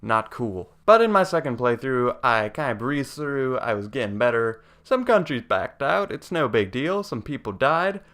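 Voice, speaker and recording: A man's voice: mid-range voice, very animated, normal speed, hardly any pauses, fairly bright tone. A young man giving a casual video game review in a rambling, profane, jokey way.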